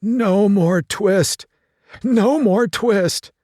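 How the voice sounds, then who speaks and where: A man voicing a poor, ill old tailor who mumbles and laments anxiously in a high, quavering voice. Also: extremely slow, darkish tone, dry recording, studio quality, exaggerated voice. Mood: feverish despair. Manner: anxious, lamenting, talking to himself.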